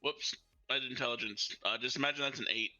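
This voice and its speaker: A man's voice: medium pitch, fast talker, sharp tone, faint music behind. A man playing in an online tabletop game, laid-back and joking as he speaks his moves. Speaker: player. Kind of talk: casual tabletop game play. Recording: dull lo-fi mic.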